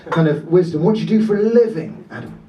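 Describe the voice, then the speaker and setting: A man's voice: sits high, animated, quick pace, recorded from a distance, lo-fi sound. A man from Dorset doing stand-up crowd work, chatty and swearing as he talks with the audience. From Dorset, England. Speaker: stand-up comedian. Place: comedy club stage. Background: laughing crowd.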